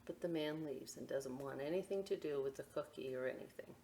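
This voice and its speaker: A middle-aged woman reading a picture book aloud for a library storytime, animated and chatty with frequent asides to her young listeners. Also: low voice, fairly quick, a little hiss or hum.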